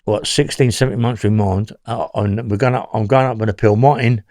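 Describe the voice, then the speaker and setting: A man's voice: on the low side, steady tone, fairly quick, a little mellow, dry recording, studio quality. A man with a London accent telling his story as an interview guest, rambling and often checking in with "yeah?".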